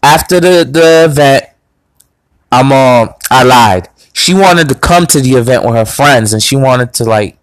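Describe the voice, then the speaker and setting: A man's voice: mid-range voice, measured pace, no room sound, low-quality recording. A man hosting a podcast, telling a personal story in a blunt, crude, boastful way. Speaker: podcast host. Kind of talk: casual storytelling monologue.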